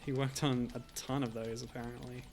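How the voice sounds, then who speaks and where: A man's voice: mid-range voice, flat delivery, fairly quick, vocal fry, darkish tone, soft background music. A man streaming a retro game, chatting casually and wryly with frequent laughs.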